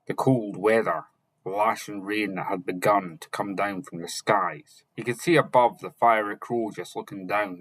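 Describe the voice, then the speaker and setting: A man reads a fantasy novel aloud in a slow, stop-start way, now and then correcting a word. His voice sits on the low side yet sounds bright and forward, recorded close and dry. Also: dry recording, poor audio. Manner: slow, halting reading with self-corrections. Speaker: audiobook narrator. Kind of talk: scripted narration reading a novel.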